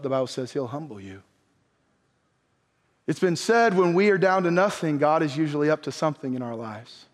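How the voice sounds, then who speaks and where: A man preaching a sermon as pastor, impassioned, swinging from near shouts down to quiet, low lines. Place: church sanctuary. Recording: long reverb of a church hall.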